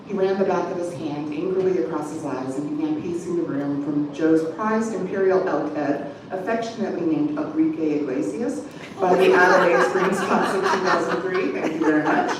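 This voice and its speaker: A woman's voice: low voice, animated, moderate pace. Woman reading aloud in an echoey room. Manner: conversational asides, amused. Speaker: reader at a community event. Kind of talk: reading a novel aloud with spoken asides. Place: large room at a college event. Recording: echoey room from far off, background noise.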